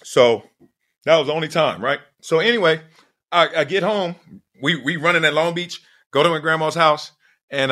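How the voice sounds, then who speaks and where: A middle-aged man hosting a podcast, telling a personal story in an emphatic, digressive way with sudden loud whoops. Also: fairly high pitch. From Southern California. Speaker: podcast host.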